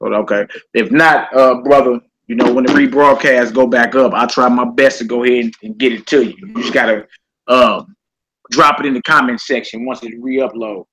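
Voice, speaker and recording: A man with a mid-range voice and moderate pace teaches a casual live-streamed class, chatting with viewers as he goes. He's relaxed and talkative, treating the audience like family, though the audio is poor.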